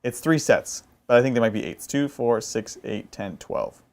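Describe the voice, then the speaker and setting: A man's voice: medium pitch, expressive, moderate pace, creaky, darkish tone. A man co-hosting a casual tabletop gaming chat, explaining tactics with examples. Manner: explains game tactics with examples, chuckles often. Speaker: co-host.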